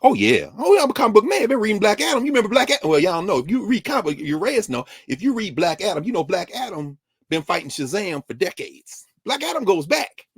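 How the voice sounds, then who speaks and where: A man speaking as a guest scholar on a talk show, telling stories in an animated way, acting out quoted exchanges and scattering "you know" through his speech. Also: sits high, fast, slightly rough, dry recording. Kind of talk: animated talk-radio commentary.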